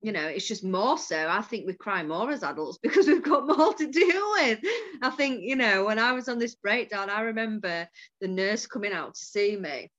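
A woman's voice: mid-range voice, expressive, normal speed, a bit bright. A woman who hosts and coaches, talking candidly in casual conversation and telling stories with swearing and laughter. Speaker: podcast host and coach. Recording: dull lo-fi sound.

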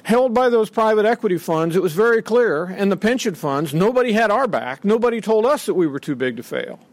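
Giving a public speech from a podium, a middle-aged man sounds indignant and emphatic, acting out quotes with flair. His voice is high-pitched and expressive, a little fast, with no echo.

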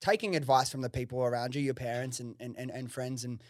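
A man's voice: medium pitch, steady tone, fast talker, dry recording, studio quality. A man hosting a podcast, asking rambling, filler-heavy questions in casual interview chat. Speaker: podcast host.

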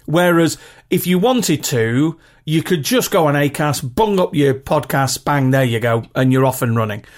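A man's voice: fairly high pitch, expressive, normal speed. A man with a regional British accent hosting a podcast in a chatty, rambling, self-deprecating way. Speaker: podcast host. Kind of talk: casual solo podcast talk.

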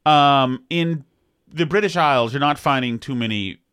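A man's voice: moderate pace, clear, resonant tone, no room sound. Joking male podcast co-host, dry mic. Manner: joking, rambling, lively swings of pitch. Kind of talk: casual chat.

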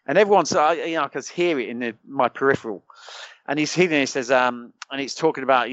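A man's voice: mid-range voice, quick pace, fairly bright tone, no room sound. A middle-aged British man, a former soldier, telling a long colloquial anecdote as a podcast guest and acting out the lines of other people in it. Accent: British English. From United Kingdom. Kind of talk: anecdotal storytelling. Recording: dry, slightly dull sound.

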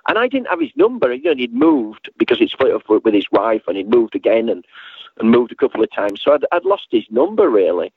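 A man reminisces in a loose, rambling way, stumbling over restarts and slipping into lively impressions of the people in his story. His voice comes through thin and boxy, like a phone call, with no room sound around it. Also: mid-range voice, a little fast, breathy edge, no echo. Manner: animated storyteller, acts out voices, frequent restarts. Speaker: guest recalling a late friend. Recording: tinny phone-line sound, dry.

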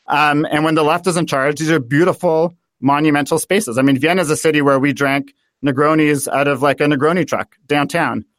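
Energetic American man talking policy, dry sound. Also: a little high, a little fast, no room sound. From United States. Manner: animated, thinking aloud with many fillers. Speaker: guest author. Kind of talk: political interview.

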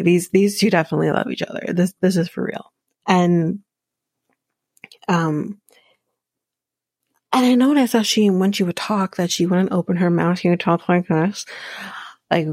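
Woman, podcast host, casual TV recap, lowish voice, vocal fry, dry close sound, wry asides. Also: darkish tone, no room sound. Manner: chatty with wry sarcastic asides.

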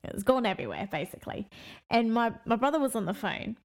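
Relaxed woman co-hosting a casual chat. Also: a little high, fast, creaky. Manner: relaxed, laughs at herself, trails off. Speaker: podcast co-host.

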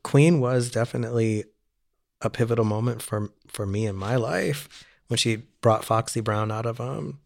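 A man co-hosting a podcast, chatting casually with animated, gossipy energy and frequent laughter. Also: medium pitch, moderate pace, creaky. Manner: animated, gossipy, laughs often, mimics voices. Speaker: podcast co-host. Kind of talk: casual chat.

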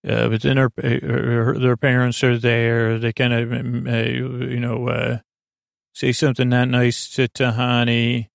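A man hosting a sleep podcast, recapping a TV episode in a halting, meandering way with many filler sounds and self-corrections. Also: mid-range voice, completely flat delivery, vocal fry, no echo, clean studio sound.

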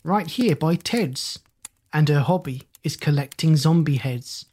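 A reader voicing a cheeky young boy who answers monsters in a chirpy, higher voice. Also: a little slow, darkish tone, slightly rough.

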